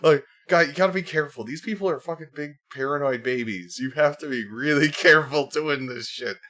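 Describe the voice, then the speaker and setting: A man's voice: fairly high pitch, fairly quick, fairly bright tone. A man streaming live, reacting to a video with mocking, profane commentary and frequent laughter.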